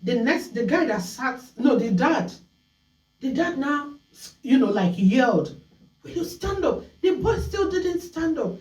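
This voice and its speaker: A woman hosting a call-in talk show, telling stories in an animated way and acting out scolding voices. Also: sits high, measured pace, echoey room, distant mic, poor audio.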